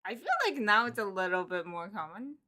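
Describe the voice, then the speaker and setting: A woman co-hosting a casual live stream, chiming in with short remarks and soft agreement. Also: medium pitch, expressive, a little fast. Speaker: co-host.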